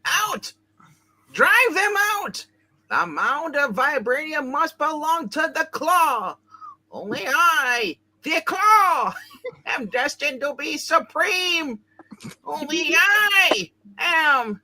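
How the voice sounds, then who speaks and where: A woman voicing a power-hungry male comic-book villain, ranting in drawn-out shouts during a comic read-aloud with friends. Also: sits high, big pitch swings, no echo, pitched above the performer's own voice, full character voice.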